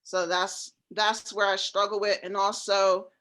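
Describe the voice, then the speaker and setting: Woman, laid-back, even monotone delivery, casual coaching call, low-key. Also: unhurried. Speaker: real estate syndicator seeking coaching.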